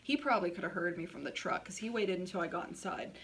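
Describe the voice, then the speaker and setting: Far from the mic, a woman vlogger with a lowish, slightly bright voice talks fast through a personal story. She's blunt and candid, swearing freely and dropping "like" all the time.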